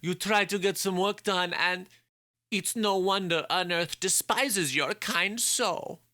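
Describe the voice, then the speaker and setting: Brief: a squeaky, nasal little mad scientist, peevish and fussy, pitched far above his own voice, bright and piercing. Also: wildly swooping pitch, drawn-out words, creaky, no room sound, clean studio sound, full character voice. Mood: exasperated. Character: nasal, nauseating little male mad doctor.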